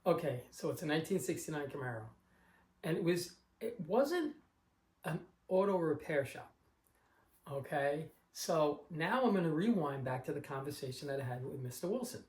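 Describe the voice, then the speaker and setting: In a fairly high, animated voice at a moderate pace, a man from Long Island recounts, rambling and anecdotal, how he found a car, imitating the people in the story. He's a car collector vlogger, recorded in an echoey room.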